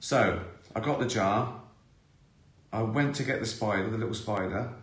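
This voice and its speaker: Low-voiced man telling stories in a roomy space. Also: moderate pace. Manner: rambling storyteller, self-mocking, swears. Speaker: live stream host. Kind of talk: casual anecdotal chat. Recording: roomy echo.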